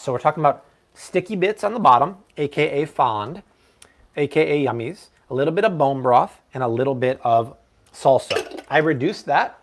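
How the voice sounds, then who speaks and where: Playful man hosting a cooking live stream. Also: fairly high pitch. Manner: playful, jokey, puts on mock accents. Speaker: cooking show host.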